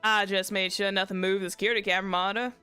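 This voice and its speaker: A woman's voice: medium pitch, flat delivery, racing, bright, forceful tone, smooth, faint music behind, lightly acted. Woman doing a drawling Southern cowboy lawman. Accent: Southern US (put on). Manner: laid-back, folksy, slangy drawl. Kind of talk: reading game dialogue aloud.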